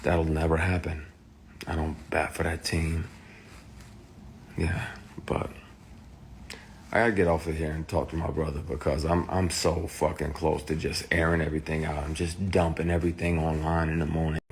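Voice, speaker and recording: Deep-voiced man swearing through his story. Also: flat delivery, normal speed, a little hiss or hum. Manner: profane, heated, shouts in retold quotes. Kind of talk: candid personal account to camera.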